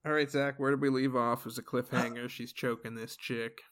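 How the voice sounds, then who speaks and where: A man's voice: medium pitch, little pitch movement, a little fast, fairly bright tone. A man co-hosting a casual podcast, asking questions and teasing his friend. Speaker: podcast co-host. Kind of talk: casual chat.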